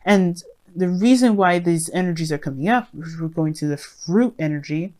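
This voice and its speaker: Low-voiced woman, rambling tarot reader. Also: normal speed, a little mellow. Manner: rambling, many fillers and restarts; addresses viewers directly, friendly. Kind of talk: casual tarot reading monologue.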